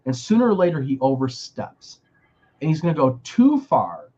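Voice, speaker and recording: A man's voice: a little high, huge pitch swings, normal speed, mellow, muffled recording. A man co-hosting a casual chat show, talking emphatically with many restarts. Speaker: podcast co-host.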